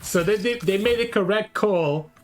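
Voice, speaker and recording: A man's voice: high voice, normal speed, faint music behind. A man giving live gameplay commentary on a card game, thinking aloud and weighing each play as he goes.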